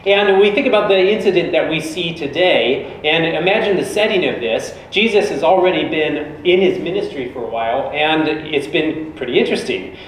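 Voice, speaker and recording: Male preacher, chatty sermon delivery, booming church reverb, faint hiss. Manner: conversational, informal storytelling. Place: large church. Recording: echoey church from a distance.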